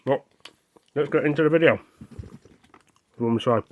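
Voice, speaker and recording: A man's voice: mid-range voice, a little slow, narrow, tinny audio, a little hiss or hum. A man chatting casually while he reads news off a screen, rambling and stumbling over hard words, apologetic, sometimes talking with his mouth full. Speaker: vlogger.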